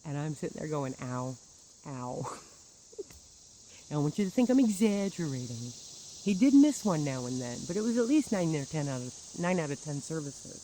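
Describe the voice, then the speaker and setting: A woman's voice: deep voice, big pitch swings, fairly quick, mellow, slight background noise, low-quality recording. A woman telling a personal grievance story in a bitter, sarcastic monologue with wry laughs. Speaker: churchgoer recounting grievances.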